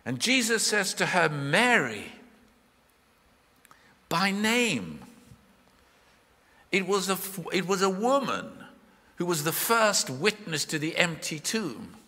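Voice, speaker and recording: Lively preacher with a bright voice. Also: male voice, high voice, unhurried. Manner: expressive, questioning, voices the Bible figures in his retelling. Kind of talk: live sermon. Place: church, live. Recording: hall reverb from a live church.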